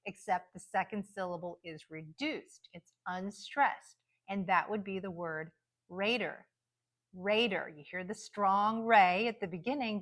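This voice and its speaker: An American woman teaching English pronunciation, stretching out example words slowly and articulating each syllable clearly. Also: mid-range voice, a bit bright. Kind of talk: pronunciation lesson.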